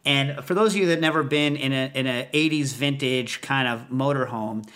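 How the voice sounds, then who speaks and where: A man's voice: mid-range voice, normal speed, a bit bright. A man hosting a podcast, telling a rambling comic story full of asides. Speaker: podcast host.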